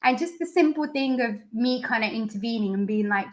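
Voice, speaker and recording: Earnest woman therapist explaining clearly. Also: fairly high pitch, a little fast, darkish tone. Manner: earnest, explains step by step with examples. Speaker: speech and language therapist. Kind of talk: interview answers.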